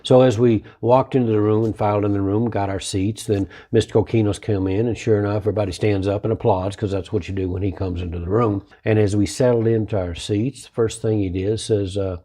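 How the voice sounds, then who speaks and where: A man's voice: lowish voice, fairly even intonation, a little fast, hardly any pauses, warm tone. A man hosting a motivational talk and telling folksy, conversational stories about his martial arts business, repeating his key phrases.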